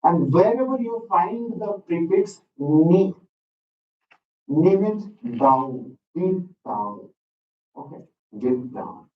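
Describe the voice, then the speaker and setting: A man with an Indian English accent lectures a class at a slow, unhurried pace, his voice sitting a little high. He is picked up by a distant microphone in a roomy hall, so the sound comes out echoey and dull. A light hum of ambience sits under his words. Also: animated. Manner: slow, deliberate teaching with frequent "okay" and repetition. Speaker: lecturer on Sanskrit texts. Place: school hall.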